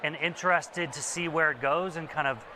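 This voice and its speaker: A man co-anchoring a live event broadcast, relaxed and friendly. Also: a little high, normal speed, a little hiss or hum. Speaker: studio anchor.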